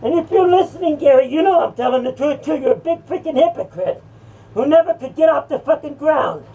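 A woman takes on a sneering male horror character, improvising taunts and mockery punctuated by sudden shouts and cackles. She's high-pitched and brisk, with lively intonation. A distant mic captures it, with faint noise.

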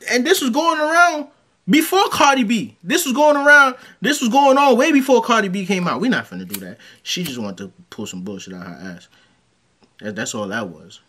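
A man's voice: high-pitched, a little fast, pushed and bright, husky. Slangy, combative New York man. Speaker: podcast co-host. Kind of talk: casual argumentative chat.

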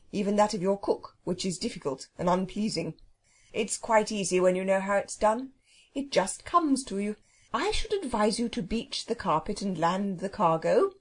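A woman reading a children's audiobook, voicing a polite, know-it-all male phoenix who speaks slowly and formally. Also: mid-range voice, breathy edge. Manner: slow, stately, formal. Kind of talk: storybook reading.

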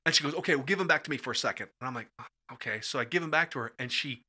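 Rapid-fire and slightly rough, this middle-aged Midwestern man is a podcast guest trading funny stories in a casual studio chat. He performs the characters' lines with big rises and drops in pitch and volume.

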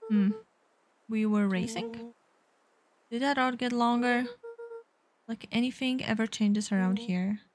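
A curious young boy asks doubtful questions, voiced plainly by a woman. The voice sits a little high and moves slowly. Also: steady tone, lightly acted. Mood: puzzled.

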